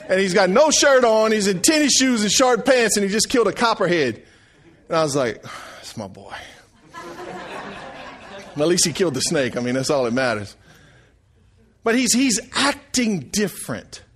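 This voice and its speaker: A man's voice: sits high, a bit bright. A middle-aged man preaching a sermon, telling folksy family stories and calling out for the congregation's response. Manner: folksy storytelling, calls for response.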